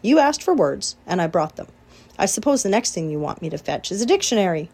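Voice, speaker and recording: A woman voicing a sly, grumbling male rat, speaking louder and higher than her own voice. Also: sing-song, a little fast, slightly rough, exaggerated voice. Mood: grumpy. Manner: grumbling, loud and raised.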